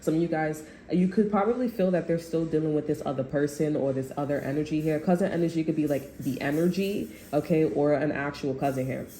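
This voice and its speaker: Speaking fairly quickly with few pauses, this tarot reader has a deep, mellow voice. Her casual reading is rambling, profane and slangy, punctuated by laughter, and it's recorded in an echoey room with slight background noise.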